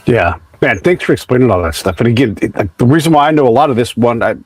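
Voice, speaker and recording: A man's voice: mid-range voice, animated, fast, slightly rough, dry recording, rough recording. Rambling American man, dry sound. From United States. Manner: rambling storyteller, many restarts, acts out quotes. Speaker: podcast host. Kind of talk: conversational interview.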